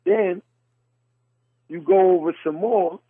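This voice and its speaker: A man's voice: high-pitched, slow, breathy edge, no room sound, phone-quality sound. A man from New York City with a New York accent, hosting a casual podcast chat and bluntly comparing how people talk. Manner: blunt storyteller, mimics dialects. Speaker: podcast host.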